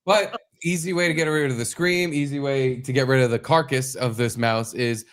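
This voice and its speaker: A man's voice: medium pitch, steady tone, moderate pace. Wry, dry-joking podcast host, a man. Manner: dry, wry jokester who swears casually. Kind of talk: casual comedic chat.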